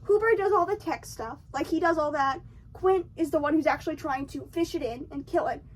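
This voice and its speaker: High-voiced young woman recapping casually. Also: a little fast, distant mic. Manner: chatty and slangy, acts out characters' lines. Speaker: video essayist.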